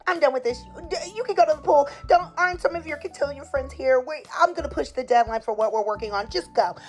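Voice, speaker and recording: A woman voicing a bratty young woman throwing a jealous tantrum, shrill and huffy. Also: measured pace, fairly bright tone, soft background music. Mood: furious.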